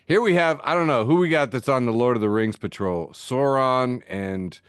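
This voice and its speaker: A man's voice: mid-range voice, moderate pace, clear, resonant tone, dry recording. A man hosting a casual chat podcast, reading out funny posts and laughing at them as he goes. His voice sits in an ordinary middle register. It is recorded dry and close on a call mic. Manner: laughs often, reads jokes aloud. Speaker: podcast host. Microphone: video call mic.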